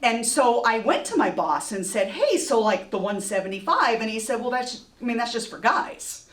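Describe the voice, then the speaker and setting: A woman telling a true story on stage, lively and self-mocking, often laughing. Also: a little high, normal speed. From Texas. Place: museum event space before an audience. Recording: echoey room, voice from far off.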